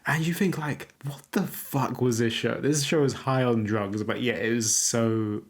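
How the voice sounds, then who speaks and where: A man's voice: medium pitch, steady tone, measured pace. A young man co-hosting a podcast, rambling in casual chat with many fillers and frequent laughter. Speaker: podcast co-host.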